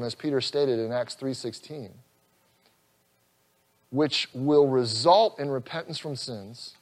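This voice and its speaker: A pastor with a medium-pitched voice preaches an earnest expository sermon. He rises loud on scripture, drops soft, and chuckles now and then.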